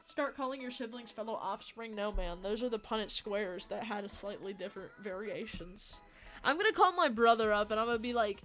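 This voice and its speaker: A woman's voice: medium pitch, moderate pace, fairly bright tone. A young woman livestreaming and chatting casually with her viewers, rambling, joking and swearing freely. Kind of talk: casual chat with stream viewers. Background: faint game music.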